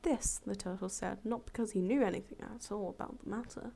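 Gravelly, mellow woman reading a fable. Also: mid-range voice, a little fast. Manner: relaxed, chatty, self-correcting. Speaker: storyteller. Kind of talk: fable read aloud with casual asides.

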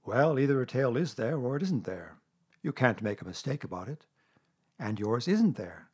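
An earnest, good-natured teddy bear, voiced by a man reading a storybook. His voice is husky and plain, and he sounds eager to help. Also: mid-range voice, big pitch swings, normal speed, darkish tone. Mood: matter-of-fact. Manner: earnest and helpful. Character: kindly, simple male teddy bear.

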